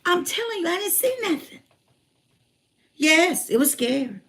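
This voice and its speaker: A woman in her forties telling a personal story in a lively, colloquial way, repeating phrases for emphasis. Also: very high voice, measured pace. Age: 40s. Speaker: motivational speaker.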